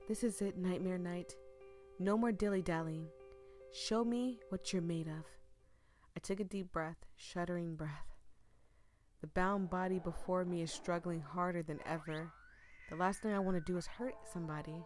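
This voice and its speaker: A woman reading a story game aloud, breaking off into excited, chatty asides, and losing her voice. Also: on the low side, moderate pace, soft background music. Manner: excitable, chatty asides between read lines. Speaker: gaming streamer. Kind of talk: reading a visual novel aloud with live reactions.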